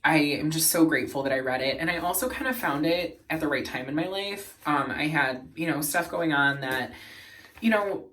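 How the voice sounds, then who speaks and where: A man vlogging in a casual, earnest and emotional way, laughing softly as he talks. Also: fairly high pitch, normal speed, recorded from a distance. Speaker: beauty and lifestyle vlogger. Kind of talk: casual chat.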